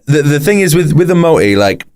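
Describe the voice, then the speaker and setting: A man's voice: on the high side, sing-song, a little fast, darkish tone, clear, resonant tone. A British man chatting casually on a podcast as a guest, explaining things in rambling sentences full of fillers. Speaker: podcast guest, rapper and author.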